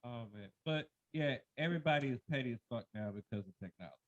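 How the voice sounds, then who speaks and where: A man's voice: medium pitch, lively intonation, quick pace, dry recording. A man co-hosting a podcast in casual chat, mumbling and rambling as he talks. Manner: mumbling, rambling, self-conscious. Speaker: podcast co-host. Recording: dull lo-fi mic.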